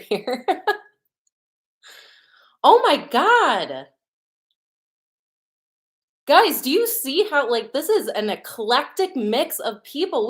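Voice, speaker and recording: A young woman with a Chicago accent, a makeup artist chatting bubbly and casually as she hosts a livestream. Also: medium pitch. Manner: bubbly and chatty, greets viewers by place. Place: home studio in Los Angeles.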